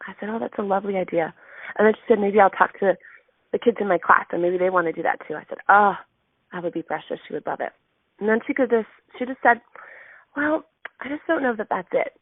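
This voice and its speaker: Woman in her thirties, motivational storyteller, heartfelt and emotional, gravelly voice, dry tinny phone sound. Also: medium pitch, fast talker, dry recording. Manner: heartfelt, emotional, many ums. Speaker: sales team leader giving a weekly message.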